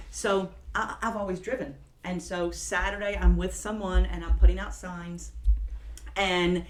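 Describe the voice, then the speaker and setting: A woman's voice: medium pitch, a little hiss or hum. A middle-aged woman on a political round table, telling a story in a casual, chatty way and quoting people as she goes. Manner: chatty, quotes people in her stories. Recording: echoey room.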